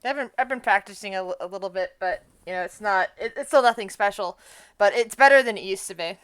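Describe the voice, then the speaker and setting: A woman chatting with fellow players on a call, talkative and quick to laugh, often restarting her sentences. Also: mid-range voice, fairly bright tone, clear, resonant tone. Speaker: tabletop game player. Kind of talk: casual chat.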